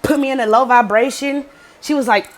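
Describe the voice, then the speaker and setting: A woman's voice: high-pitched, a little fast. A young adult woman vlogger casually telling a story, cursing freely and acting out quotes. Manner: profane, animated storytelling with acted quotes.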